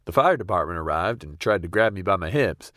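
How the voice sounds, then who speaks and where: Brief: young male storyteller, very low voice, deadpan, dry close mic. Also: fairly quick, no echo. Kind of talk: comedic first-person storytelling.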